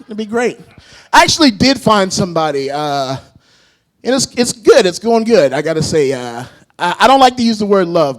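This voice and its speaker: Speaking slightly quickly, this high-voiced man performs stand-up at a comedy club with a handheld microphone. His delivery is lively and self-mocking, and he often breaks into laughter at his own material.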